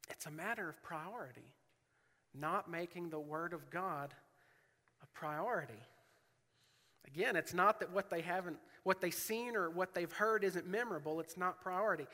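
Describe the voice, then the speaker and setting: A man's voice: high voice, bright, forceful tone, in a large hall. A man preaching a sermon, reading scripture aloud with earnest, rising emphasis.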